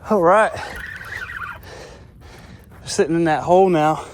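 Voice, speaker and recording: A man's voice: on the high side, unhurried, a little hiss or hum. Breathless man fishing outdoors. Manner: excited, drawling, calls viewers y'all. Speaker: fishing vlogger. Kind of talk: casual outdoor narration to camera.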